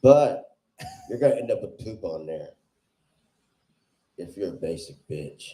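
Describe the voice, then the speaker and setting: Crude stand-up guy, dark voice. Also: sits low, very animated, a little slow. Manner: loud, crude, laughs at own jokes. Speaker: stand-up comedian. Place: comedy club stage. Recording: roomy club echo.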